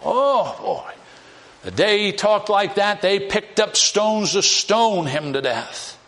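A male preacher works through a passage of scripture at an unhurried pace, his voice sitting a little high and moving through a wide, animated range of pitch. He stresses and repeats key phrases, and he breaks into acted-out scenes along the way. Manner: emphatic, repetitive, acts out scripture scenes. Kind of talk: expository sermon.

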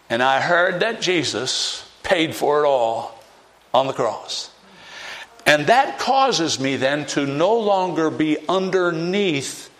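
A man preaching a sermon as pastor, emphatic, with big swings in pitch and loudness, and acting out doubters in a mocking higher voice.

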